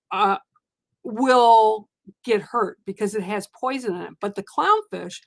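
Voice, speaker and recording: A woman giving a live oracle card reading, talking in a gentle, reassuring and rambling way. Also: medium pitch, creaky, no echo. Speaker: spiritual card reader.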